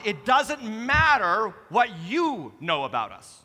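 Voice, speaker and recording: Male pastor, animated sermon voice, high and bright, joking with sudden shouts, long church reverb. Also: measured pace. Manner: animated, jokey preaching with sudden shouts and drops to soft tones. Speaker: lead pastor. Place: church sanctuary. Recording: preached in a hall with long reverb.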